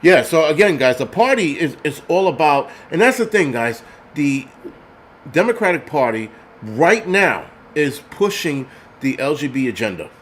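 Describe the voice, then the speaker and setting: A man's voice: on the high side, very animated, moderate pace, a little hiss or hum. A man vlogging, delivering an angry, profane, rambling rant to his viewers. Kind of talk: casual rant to camera.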